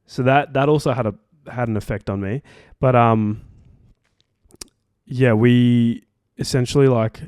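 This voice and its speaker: A young Australian man tells a story on a podcast in an easy, rambling way, dropping swear words and constant "like"s and "um"s. His voice sits at an ordinary middle pitch. It is recorded close and completely dry, with no room sound. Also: fairly even intonation, measured pace, a little mellow, clean tone, no echo. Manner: rambling, swears freely, heavy "like" and "um" fillers. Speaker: podcast co-host. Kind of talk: casual storytelling chat.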